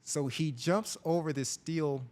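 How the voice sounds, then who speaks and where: Animated storytelling police officer, a man. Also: fairly high pitch, a little slow. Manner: animated storyteller, voices people in his anecdotes. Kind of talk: casual storytelling interview.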